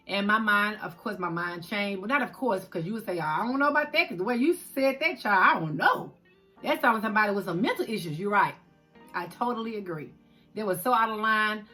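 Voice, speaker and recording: Middle-aged woman, vlog host, expressive and direct with her viewers; crisp bright voice, faint music under it. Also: medium pitch. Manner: expressive, talks straight to viewers as "y'all". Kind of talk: emotional personal storytelling.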